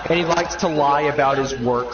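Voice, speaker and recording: A young man streaming, riffing comedically in an animated, rambling way. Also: mid-range voice, moderate pace, distant mic, a crowd in the background. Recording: muffled, roomy, from off the mic.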